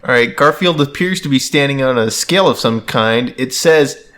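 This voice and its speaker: A man co-hosting a let's play in casual banter, reading comics aloud with wry, deadpan asides. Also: mid-range voice, normal speed.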